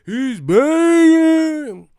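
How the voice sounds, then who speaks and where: A man doing an impression of a boxer who wails in a high, trembling, ghostly voice. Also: big pitch swings, very slow, mellow, no echo, clean studio sound, full character voice. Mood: wailing shriek. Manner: high-pitched trembling screams. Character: shrieking wailing boxer mimicking a ghoulish manager, adult man.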